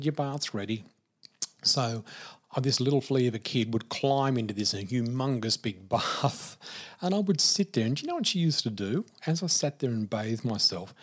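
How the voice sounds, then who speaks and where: An Australian man in his fifties telling vivid personal stories of his childhood as a podcast guest, in an unhurried way. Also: mid-range voice, slightly rough. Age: 50s. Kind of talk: personal storytelling.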